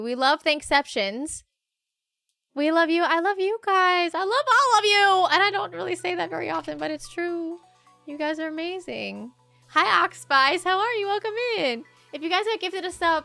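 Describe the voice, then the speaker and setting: A very high, bright woman's voice, unhurried yet giddy and excitable as she chats with her live stream viewers. She laughs and exclaims often while thanking them, with faint music playing behind her. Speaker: streamer hosting a tabletop game session.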